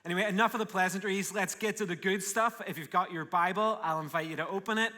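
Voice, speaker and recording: A male pastor with a Northern Irish accent preaches live from a church stage. His voice sits a little high and rings bright and forceful, and his delivery is energetic and full of jokes. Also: quick pace. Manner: warm, joking and energetic. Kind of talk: live sermon. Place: large church auditorium.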